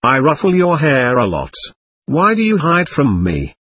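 A man voicing a vast, fatherly male angel who speaks in soft, comforting tones. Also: mid-range voice, huge pitch swings, measured pace, husky, heavily acted. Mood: tender.

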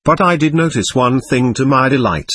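A man narrating a first-person story in a plain, measured reading voice. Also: medium pitch, animated, a bit bright.

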